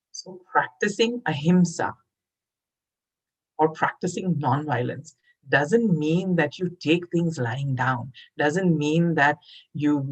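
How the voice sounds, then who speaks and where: A woman telling a moral story in a lively, conversational way, talking straight to her listeners. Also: low-pitched, breathy edge, low-quality recording. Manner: animated and conversational, addresses listeners directly. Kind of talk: storytelling for children.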